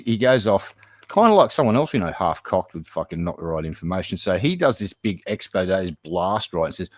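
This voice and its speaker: A man's voice: lowish voice, no echo. A man guesting on a casual online chat show, telling a story bluntly and with lots of swearing.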